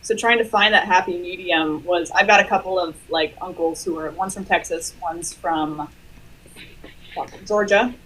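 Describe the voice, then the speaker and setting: A woman from the Pacific Northwest, self-deprecating and quick, chatting on a group live stream. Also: fairly low pitch, a bit bright, slight background noise, low-quality recording. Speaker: TikTok creator and voice actor.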